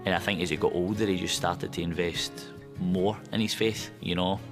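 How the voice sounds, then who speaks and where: A man recalling his father in a documentary interview, relaxed and full of "you know". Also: low voice, normal speed, music in the background. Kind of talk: interview recollection.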